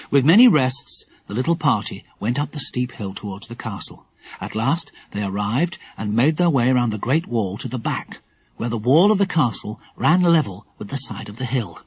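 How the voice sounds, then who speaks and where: A man narrating a children's audiobook in a lively, expressive storytelling manner. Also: mid-range voice, moderate pace, husky, no echo.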